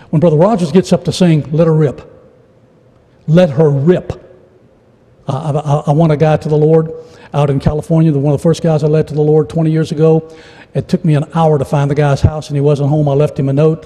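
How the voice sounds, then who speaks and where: A man's voice: fairly high pitch, flat delivery, brisk, warm tone. A middle-aged man preaching a sermon as a traveling evangelist, folksy and humorous, with frequent stammered restarts, in a church. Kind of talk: sermon with storytelling. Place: church sanctuary. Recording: church hall reverb.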